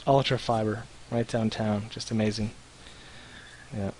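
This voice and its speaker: A man's voice: lowish voice, flat delivery, measured pace, a little mellow. A man hosting a casual live stream, laid-back and swearing casually. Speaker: host.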